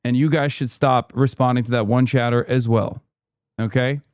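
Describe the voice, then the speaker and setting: A man's voice: mid-range voice, fairly even intonation, normal speed, clean tone, no room sound, studio quality. A man streaming live, reacting to a video and talking to chat with sarcastic, profane commentary.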